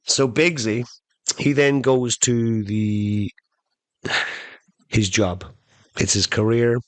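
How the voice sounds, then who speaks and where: A man hosting a podcast, telling a funny story in an animated way and slowing down for emphasis. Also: medium pitch, no echo. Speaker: podcast host. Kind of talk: comedic storytelling monologue.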